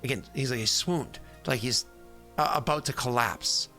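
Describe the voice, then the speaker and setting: A man's voice: medium pitch, moderate pace, sharp tone, soft background music. A man running a tabletop game as game master, rambling with many fillers and frequent laughs.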